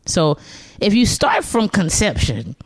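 A woman's voice: medium pitch, measured pace, dry recording. A woman in her forties, a stand-up comedian and guest, telling stories in a casual chat, laughing often and slipping into voices. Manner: animated storyteller, laughs often, slips into character voices.

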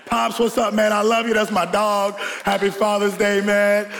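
A man from Georgia preaching a sermon, telling a lively childhood story with laughter and call-and-response to the congregation. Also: high voice, moderate pace, vocal fry. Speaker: pastor. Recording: long hall reverb.

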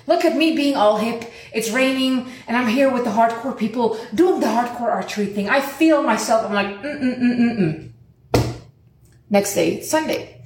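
Young woman, casual storyteller, lively and profane, ordinary pitch, roomy sound. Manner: animated, acts out quoted lines in higher pitch, swears often.

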